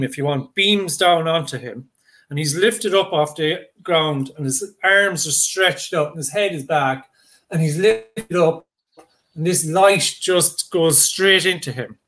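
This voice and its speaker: A man recounting a folk tale in a loose, chatty way, doubling back on his words. His voice sits a little high, with a bright, forceful edge. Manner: rambling and conversational, with many fillers and restarts. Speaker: storyteller. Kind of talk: oral folk storytelling.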